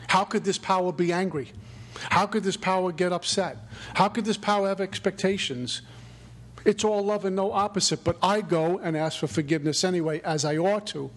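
A middle-aged man with a notably high voice gives a spiritual recovery talk. He speaks earnestly and reflectively. His phrasing has a preacherly lilt.

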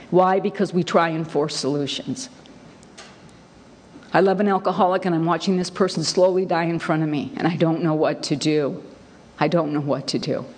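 Candid wry woman in a reverberant hall. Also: on the low side. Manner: candid, wry, emphatic, many fillers. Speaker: speaker sharing her story at a recovery meeting. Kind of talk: personal testimony talk.

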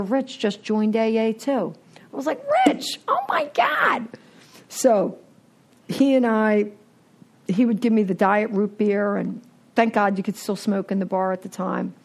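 A woman's voice: medium pitch, creaky. A woman telling her recovery story candidly, acting out what people said. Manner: candid, animated storytelling with acted-out quotes. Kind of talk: recovery meeting talk.

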